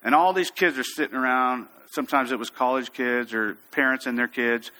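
A man preaching a sermon, telling a story with lively, acted-out quotes. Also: mid-range voice, brisk. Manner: storytelling, animated, acts out quotes. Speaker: pastor.

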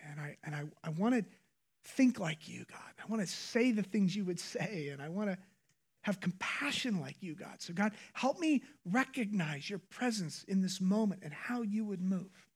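A man preaching a sermon as pastor, moving between hushed whispered prayer and raised, emphatic preaching. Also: high-pitched, expressive, moderate pace, slightly rough.

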